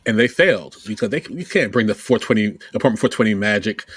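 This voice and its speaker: A man co-hosting a casual podcast, speaking earnestly and emphatically as he pitches the show to listeners. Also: animated, quick pace, breathy edge, no room sound. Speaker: podcast co-host. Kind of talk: casual chat.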